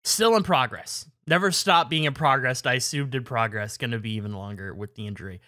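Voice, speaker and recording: A man's voice: mid-range voice, a little fast, sharp tone, dry recording, studio quality. A man co-hosting a podcast in casual chat, teasing his co-hosts and laughing often. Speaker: podcast co-host.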